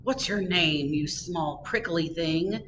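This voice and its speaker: A big, rude rhinoceros, as a woman puts him on for a storybook read-aloud. He starts with a gruff growl and a mocking edge, then breaks into high, gasping giggles. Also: takes it slowly, muffled recording, background noise.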